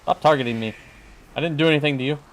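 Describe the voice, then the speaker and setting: Racing along in a fairly high voice, a man streams a game and chats casually. He jokes, talks back to enemies on screen, and hums along as he plays.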